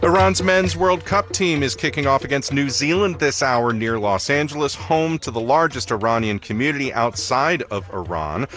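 A male newscaster reading a radio news bulletin in a crisp, formal way. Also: medium pitch, moderate pace, hardly any pauses, music in the background.

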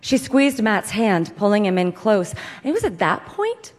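A woman reading a comic story aloud with deadpan, dry timing. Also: mid-range voice, unhurried. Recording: long hall reverb.

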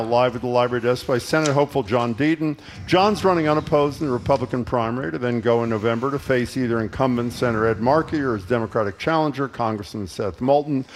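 Man, radio host, rapid talker, brisk, teasing, faint background noise. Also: medium pitch. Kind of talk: live radio talk show.

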